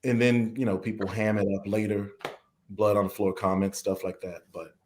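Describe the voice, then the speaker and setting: A man's voice: lowish voice, flat delivery, normal speed, darkish tone. Man, from the American South, podcast guest, talks at length, frustrated, plays out quoted questions. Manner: frustrated, long-winded, acts out quoted questions. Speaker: interview guest. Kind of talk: podcast interview.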